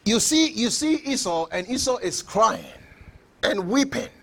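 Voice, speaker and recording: Male preacher with a high voice and a lively, swinging pitch. Emphatic, repetitive, given to shouting. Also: unhurried. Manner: emphatic preaching, repeats phrases, bursts into shouts. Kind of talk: sermon.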